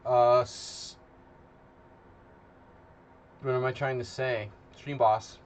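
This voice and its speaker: A man's voice: mid-range voice, flat delivery, very slow. Loose, rambling male chess streamer. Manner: rambling, loose and chatty, talking to chat while setting up. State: tired after a nap. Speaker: chess streamer hosting a simul. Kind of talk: casual live-stream chat.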